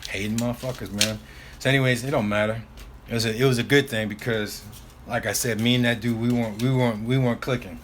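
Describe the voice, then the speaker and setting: A man's voice: mid-range voice, fairly even intonation, fast, background noise. A man who drives oilfield trucks tells a rambling, profane story in a casual vlog, repeating himself and filling the gaps with asides.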